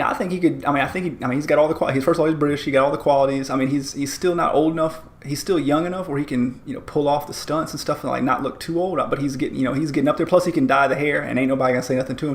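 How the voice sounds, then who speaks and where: A man's voice: a little high, steady tone, rapid-fire, hardly any pauses, reverberant. A man co-hosting a podcast in casual chat, rambling with many restarts and fillers. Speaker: podcast co-host.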